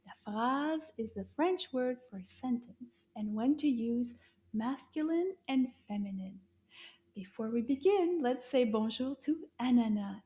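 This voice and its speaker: Slow, gentle woman teaching kids French. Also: fairly high pitch. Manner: slow, encouraging, repeats words for kids to echo. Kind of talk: children's language lesson.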